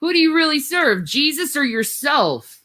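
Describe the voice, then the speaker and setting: A woman's voice: sits high, very animated, moderate pace, pushed and bright. A woman ranting angrily at her husband, profane and bitter. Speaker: livestreamer. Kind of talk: angry rant.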